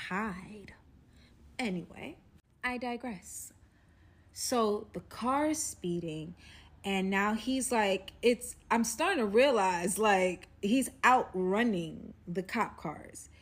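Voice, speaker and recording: A young woman telling a dramatic story to the camera, with loud bursts in an animated storytime vlog. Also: mid-range voice.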